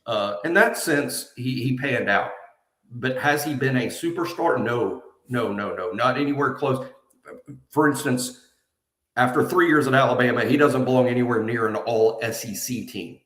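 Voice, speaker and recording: A man's voice: medium pitch, moderate pace, fairly bright tone. Man in an echoey empty room. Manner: emphatic, repeats himself. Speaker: co-host. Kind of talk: casual sports talk. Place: nearly empty house being moved out of.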